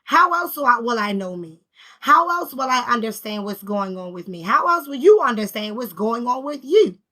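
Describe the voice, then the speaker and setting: A woman speaks in a bright, forceful voice pitched a little high. She gives a casual spiritual talk, stressing her points through emphatic repetition and slangy, conversational phrasing. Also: sing-song, moderate pace. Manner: emphatic, repetitive, preacher-like rhythm. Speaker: spiritual healing vlogger.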